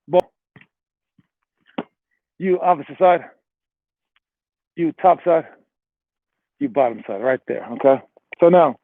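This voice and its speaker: A man's voice: high voice, no room sound. Man coaching basketball over a tinny line. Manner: rambling, fillers like "all right" and "like", talks to players directly. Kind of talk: motivational coaching talk. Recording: dry, tinny phone-like sound.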